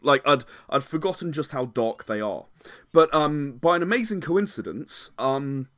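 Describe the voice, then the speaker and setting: A man's voice: medium pitch, fairly bright tone, no room sound. Guest spot: male game designer, loose rambling talk, dry booth-like sound. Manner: rambling, hedges with many "sort of"s and restarts. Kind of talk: casual podcast chat.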